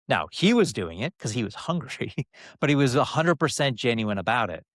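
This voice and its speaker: A man's voice: mid-range voice, big pitch swings, brisk, no echo, clean studio sound. A middle-aged man, a former TV executive, talking casually as an interview guest and telling anecdotes that drive points home by repeating phrases. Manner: loose delivery with frequent fillers and restarts. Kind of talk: conversational storytelling.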